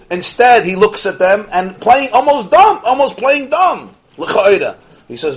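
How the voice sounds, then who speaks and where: A man teaching a Torah class, animated, posing rhetorical questions and swinging from soft asides to emphatic peaks. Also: sits high, a little slow. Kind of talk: Torah lecture to an audience.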